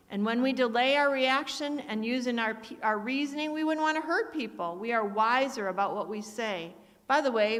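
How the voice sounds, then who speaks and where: A woman's voice: on the high side, a bit bright. A middle-aged woman giving a sermon, telling family stories and reading Bible verses aloud. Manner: storytelling, acts out family voices, reads verses aloud. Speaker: speaker at church. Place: church sanctuary. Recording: church hall reverb.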